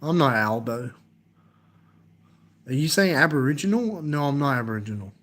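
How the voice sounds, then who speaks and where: A young Australian man with a matching accent answers live-stream viewers' comments casually, halting and repetitive as he goes. His mid-range voice is animated and a bit bright.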